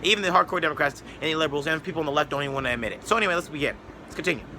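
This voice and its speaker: A man's voice: a little high, rapid-fire, bright, forceful tone, slight background noise. A man giving a rambling, sarcastic opinion monologue as a political commentator, mocking others with put-on voices.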